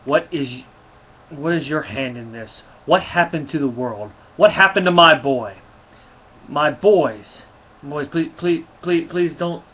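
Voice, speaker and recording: A man's voice: mid-range voice, measured pace, breathy edge, lo-fi sound. A man voicing a kind, fatherly older male robot scientist, read aloud from a comic in a lightly voiced way. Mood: pleading.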